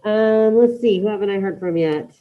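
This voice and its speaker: A woman's voice: medium pitch, normal speed, phone-quality sound. A woman teaching an online Spanish class, encouraging her students and calling on them by name.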